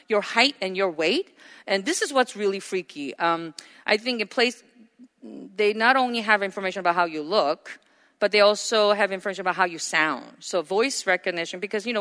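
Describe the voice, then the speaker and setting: A woman's voice: mid-range voice, fairly bright tone. Chatty woman lecturing in a reverberant hall. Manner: chatty, many fillers and restarts, acts out quotes. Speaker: teacher. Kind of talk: casual classroom lecture.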